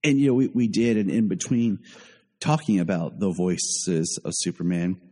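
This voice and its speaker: A deep-voiced man hosting a casual podcast, talking through his opinions with easy repeats. His tone is dark and mellow. The voice carries a long reverb tail, as if recorded in a big room. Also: fairly even intonation, normal speed, slightly rough. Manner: opinionated, thinks aloud with repeats. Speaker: podcast host.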